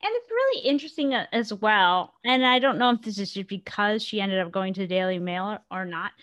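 A woman's voice: medium pitch, expressive, a little fast, fairly bright tone. A woman co-hosting a podcast in casual chat, chatty and often trailing off to restart her sentences. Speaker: podcast co-host.

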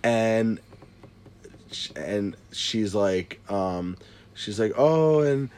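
A man's voice: on the low side, animated, extremely slow, a little mellow, smooth. A man in his thirties telling a story in casual chat, swearing a lot and restarting his sentences often. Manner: profane, rambling with many restarts.

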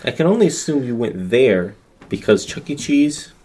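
A man's voice: medium pitch, lively intonation, moderate pace, darkish tone, husky. A man on a casual podcast with friends, telling stories and teasing the others dryly. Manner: teasing, dry storytelling. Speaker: podcast co-host. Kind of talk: casual chat among friends.

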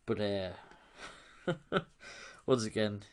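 A man's voice: fairly low pitch, expressive, very slow. A man giving a loose, chatty film recap, laughing and swearing as he goes. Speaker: film reviewer.

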